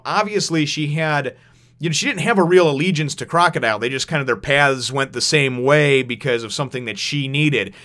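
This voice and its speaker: A man's voice: medium pitch, fairly bright tone. A man giving a casual spoken review, rambling with lots of fillers and restarts, and laughing as he retells scenes. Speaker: manga chapter reviewer.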